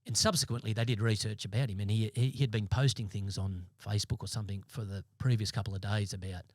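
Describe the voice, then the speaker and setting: An Australian man in his fifties, a former police sergeant, telling his story as a podcast guest in a blunt, halting way with many restarts. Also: lowish voice, fairly even intonation, no echo, clean studio sound. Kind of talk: interview storytelling. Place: podcast studio.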